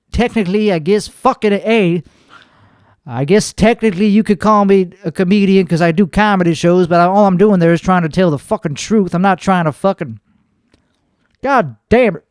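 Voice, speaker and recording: Brief: high, smooth, dry-miked man, cursing nonstop as a bragging podcast host. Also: no room sound. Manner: profane, boastful, aggrieved. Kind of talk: comedic rant.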